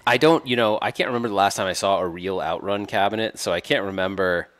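A man's voice: lowish voice, quick pace, fairly bright tone. A man co-hosting a casual live stream, rambling and correcting himself as he shows off gear. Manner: rambling, self-correcting, laughs often. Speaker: co-host.

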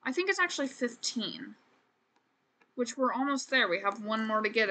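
This woman streamer narrates her life-sim gameplay in a chatty, self-mocking way, peppering it with "man" and "frickin'." She speaks at a normal speed in a fairly high, expressive voice with a sharp edge.

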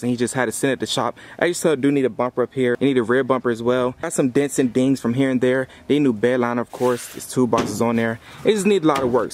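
A young man, talking fast and casually to the camera as a truck vlogger. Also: mid-range voice, a little hiss or hum. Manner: fast-talking, says y'all a lot. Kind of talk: casual vlog talk to camera.

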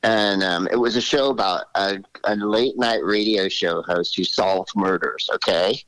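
A man in his sixties, a comedian guest telling animated stories in an interview and slipping into voices. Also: deep voice, moderate pace, dry recording, rough recording. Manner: animated, drops into character voices. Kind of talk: storytelling interview.

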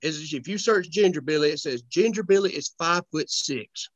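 A man's voice: on the high side, lively intonation, moderate pace, no room sound, highs cut off. A young man, chatting as a comedy guest in a laid-back, joking, folksy way. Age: young adult. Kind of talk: casual podcast chat.

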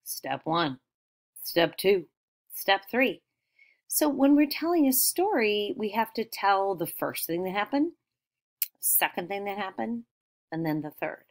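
A woman teacher leads young children through retelling a familiar story. She speaks slowly and warmly, prompting them with questions and praising their answers. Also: medium pitch, expressive. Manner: slow, encouraging questions.

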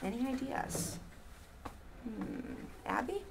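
A woman teaching a classroom lesson, reading lines slowly and counting out syllables with her pupils. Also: high-pitched, sing-song, background noise.

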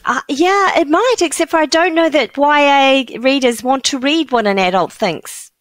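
A woman's voice: high voice, moderate pace, no room sound. Woman with a New Zealand accent giving feedback. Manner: thoughtful, hesitant, full of fillers. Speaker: publishing panelist.

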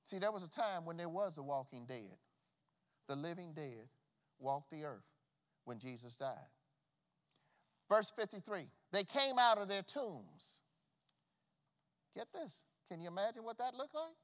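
High-voiced preaching man in a reverberant hall. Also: lively intonation, measured pace, pauses often. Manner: preaching with big swings from shouts to hushed tones. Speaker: pastor. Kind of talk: sermon. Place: church sanctuary. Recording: long reverb of a church hall.

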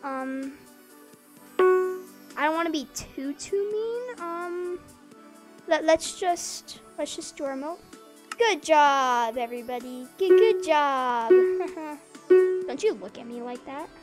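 A woman casually commenting as she plays a video game, hesitant with frequent ums and bursts of excited squealing. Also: sits high, takes it slowly, pauses often, over loud music. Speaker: gamer.

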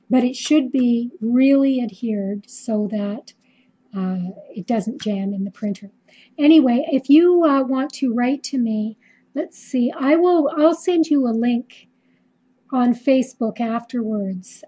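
A woman's voice: a little high, dark tone, husky, lo-fi sound. A middle-aged woman with a Canadian accent, hosting a live quilting tutorial in a chatty way with lots of ums and restarts. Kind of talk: casual live-stream tutorial.

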